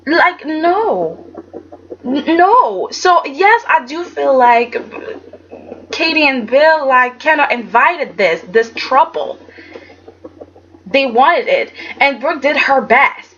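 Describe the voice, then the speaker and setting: A woman reviewing a soap opera episode in casual chat, animated and chatty, acting out quotes in dramatic voices. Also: high-pitched, slow pace. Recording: dull lo-fi sound with faint background noise.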